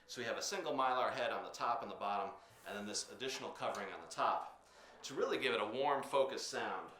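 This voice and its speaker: A man teaching percussion technique, explaining patiently with frequent filler pauses while demonstrating drums. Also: mid-range voice. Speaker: percussion instructor. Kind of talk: instructional demonstration. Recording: echoey room with drum sounds.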